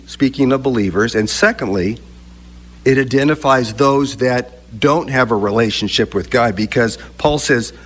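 A man preaching a sermon, speaking deliberately with emphatic pauses between phrases. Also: mid-range voice, a bit bright. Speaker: pastor.

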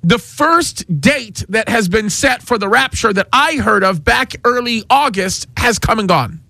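A man with a very high, sharp, bright voice, talking like a preacher on a radio ministry program. His delivery is emphatic and dry, close to the mic. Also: animated, unhurried, gravelly, dry recording. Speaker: pastor and co-host.

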